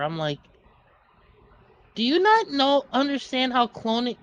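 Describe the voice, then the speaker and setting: A man's voice: very high voice, wildly swooping pitch, measured pace, fairly bright tone, highs cut off. A man co-hosting a casual game stream, trading dry, joking jabs in conversation. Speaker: co-host friend.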